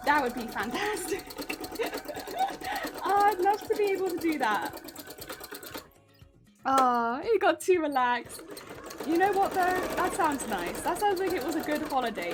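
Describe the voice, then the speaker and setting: Chatty streamer woman, lively high voice. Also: background noise. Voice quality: grating, honking voice. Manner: chatty, laughs often, self-deprecating. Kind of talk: casual chat with stream viewers while embroidering.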